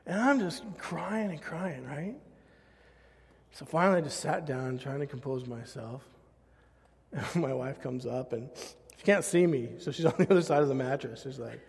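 A man's voice: on the high side, lively intonation, normal speed, husky. A man preaching a sermon and telling a self-mocking personal story, laughing often. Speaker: pastor. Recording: long hall reverb.

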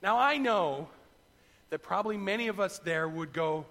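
A middle-aged man preaching a sermon, retelling a story in an animated way and acting out the voices. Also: high-pitched, normal speed, long reverb tail. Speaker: pastor.

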